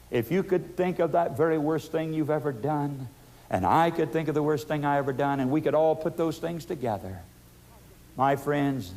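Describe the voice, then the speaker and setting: A man in his sixties preaching an evangelistic sermon, swinging from loud, pleading questions to hushed, intense passages and addressing listeners as "friends". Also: a little high, animated, moderate pace.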